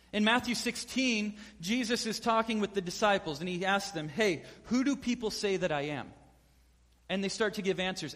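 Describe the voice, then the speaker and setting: Male pastor, high voice, lively sermon delivery with acted-out quotes, long hall reverb. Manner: animated storyteller acting out quotes.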